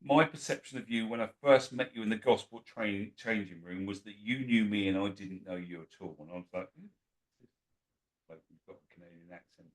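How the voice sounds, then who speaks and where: A man, a podcast guest telling stories in a lively, anecdotal way. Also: fairly low pitch, a little fast, few pauses, poor audio. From England. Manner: lively anecdotal, acts out quoted voices. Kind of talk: casual storytelling.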